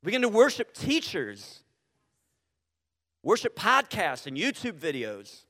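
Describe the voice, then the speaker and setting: A man preaching a sermon as pastor, animated and full of rhetorical questions, often restarting his sentences. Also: high-pitched, a little slow. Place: church sanctuary. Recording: reverberant church hall.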